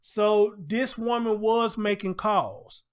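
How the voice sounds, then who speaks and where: Guy with a high voice reacting to a crime story on his channel, blunt and repetitive, swears a lot. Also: slow pace. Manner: loose and emphatic, swears, repeats himself. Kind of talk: casual reaction commentary, reading aloud.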